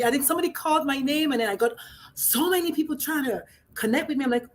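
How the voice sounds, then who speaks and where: Brash, outspoken higher-voiced woman. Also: fairly quick. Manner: brash, outspoken, swings between loud and soft. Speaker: guest, pediatrician and life coach. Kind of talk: casual livestream chat.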